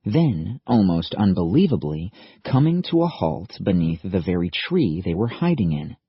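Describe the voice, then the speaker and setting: A man narrating an audiobook in a steady, measured storytelling manner. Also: deep voice, husky, no room sound, lo-fi sound. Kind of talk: scripted narration.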